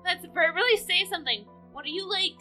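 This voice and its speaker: A woman's voice: extremely high pitch, a little fast, sharp tone, soft background music. A woman playing a tabletop game, soothing and giggly in character. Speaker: player. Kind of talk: casual in-character role-play.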